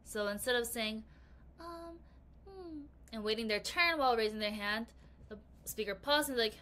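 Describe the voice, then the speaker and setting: A woman teaching an English vocabulary lesson to children, reading aloud with bouncy, expressive emphasis. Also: on the high side, moderate pace.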